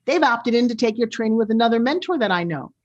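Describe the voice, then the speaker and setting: A woman in her sixties with a New York accent hosts a talk show, loud and brash, and keeps up a lively, animated monologue. Her voice sits fairly high. The recording sounds a little dull and muffled. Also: quick pace. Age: 60s. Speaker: show host.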